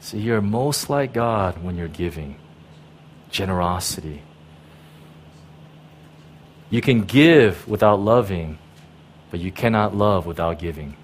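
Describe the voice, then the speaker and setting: Animated man preaching a sermon. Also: deep voice, slow, pauses often, a little hiss or hum. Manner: emphatic, repeats key words, keeps asking the listeners "right?". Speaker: pastor.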